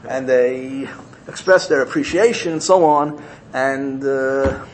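A man giving a sermon through animated storytelling, repeating key phrases for emphasis. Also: medium pitch, slow, slight background noise, poor audio. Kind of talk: sermon built on told parables.

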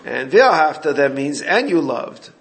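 A man leads an informal Torah class with a somewhat raised, gravelly voice. He explains step by step and recounts back-and-forths with his students. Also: fairly high pitch, sing-song, measured pace. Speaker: Torah teacher.

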